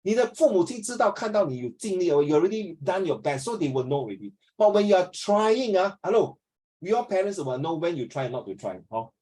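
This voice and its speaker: A man's voice: sits high, sing-song, a little fast, mellow, rough recording. A middle-aged man with a Singaporean accent, lecturing students in an online class. He is earnest and preachy, and he slips Mandarin phrases into his English. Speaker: teacher.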